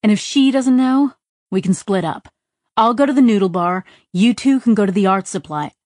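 A woman's voice: mid-range voice, expressive, normal speed, no echo, clean studio sound, lightly acted. A woman narrator voicing an agitated woman who presses hard with urgent, swearing questions. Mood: tense. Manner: urgent, swearing, rising to near shouts. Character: agitated adult woman, sharp and frantic.

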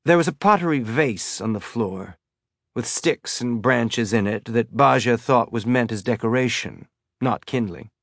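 A man reads an audiobook in a steady, measured storytelling voice of middling pitch. The recording is close and dry, with no room echo. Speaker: audiobook narrator. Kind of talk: scripted audiobook narration.

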